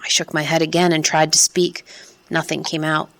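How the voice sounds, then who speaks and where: Woman narrator, audiobook read, slightly low, measured pace. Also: flat delivery. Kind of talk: first-person scripted narration.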